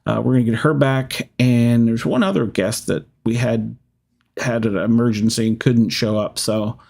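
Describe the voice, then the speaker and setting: Gravelly rambling podcast host man. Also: mid-range voice, moderate pace, darkish tone. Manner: rambling, laughs often, lots of fillers. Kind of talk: casual live-stream chat.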